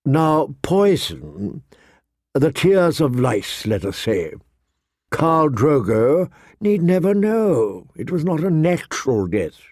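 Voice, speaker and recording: Man putting on smooth sly eunuch courtier, soft and slow. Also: on the high side, big pitch swings, no room sound, studio quality, pitched above the performer's own voice, heavily acted. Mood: silky. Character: silky scheming male eunuch courtier.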